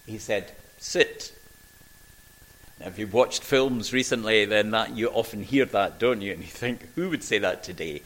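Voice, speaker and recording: An older man from Scotland, preaching a sermon and telling stories with emphatic pauses and voices for the people he quotes. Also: on the low side, poor audio.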